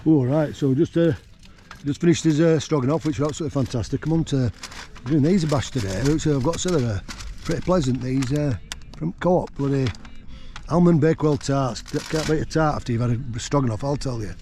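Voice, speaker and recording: A man's voice: medium pitch, fairly quick, warm tone, a little hiss or hum. A man chatting casually from his tent while wild camping, rambling with lots of fillers. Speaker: vlogger. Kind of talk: casual outdoor chat. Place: tent on a windy hill.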